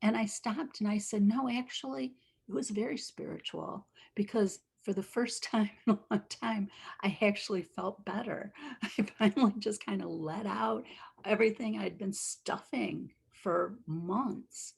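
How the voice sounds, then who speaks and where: A woman in her forties telling personal stories and teaching in a chatty, animated way, laughing often. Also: medium pitch, a little slow, creaky, husky. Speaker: emotional wellness teacher. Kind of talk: casual personal storytelling and teaching.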